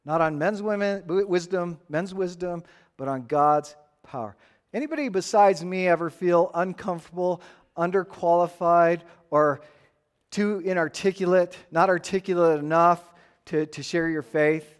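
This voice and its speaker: A man preaching a sermon to a congregation in an emphatic, animated way. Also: high voice, moderate pace, smooth. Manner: animated, emphatic preaching with playful acted-out voices. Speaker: pastor.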